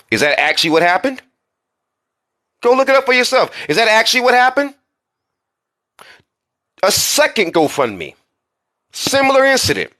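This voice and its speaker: A man's voice: on the high side, fairly bright tone. A man hosting a commentary vlog, talking heatedly with many rhetorical questions and repeating words for emphasis. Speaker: commentary channel host.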